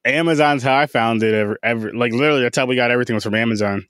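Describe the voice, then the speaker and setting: A man's voice: mid-range voice, racing, fairly bright tone, a little hiss or hum. A man hosting a casual podcast chat, laid-back, swearing now and then and joking with his guests. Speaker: podcast host.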